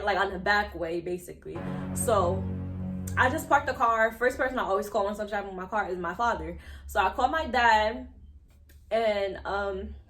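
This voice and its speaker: A young woman from New telling a story to her viewers in a chatty, animated way, full of fillers. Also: mid-range voice. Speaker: vlogger. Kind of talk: casual storytime to camera.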